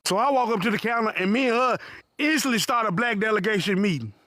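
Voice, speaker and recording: A man telling a profane comic story in an animated voice full of punchy asides. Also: high-pitched, fast, no room sound, studio quality. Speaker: comedic storyteller.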